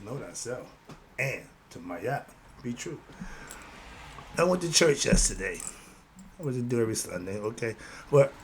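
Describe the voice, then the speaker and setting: A man's voice: medium pitch, a little hiss or hum. A man giving a motivational monologue about spiritual life, speaking in in a preachy, rhythmic way and repeating his catchphrases. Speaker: host.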